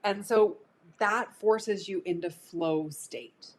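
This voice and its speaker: A woman's voice: mid-range voice, takes it slowly. A woman coach talking casually on a live stream, chatty and prone to digressions. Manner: chatty, digressive, laughs easily. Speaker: career coach.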